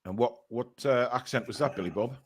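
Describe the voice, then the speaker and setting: A man hosting a live fan watchalong, calling the match play by play and reading viewer messages, partisan and quick to outrage. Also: mid-range voice, a little hiss or hum. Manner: excitable, shouts at big chances and bad calls; indignant, partisan.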